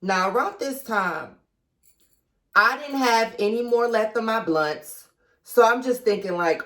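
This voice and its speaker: Speaking a little slowly in a slightly high, fairly bright voice, a young woman vlogger shares a storytime. She retells events dramatically in a chatty, confiding way, calling viewers girl and baby.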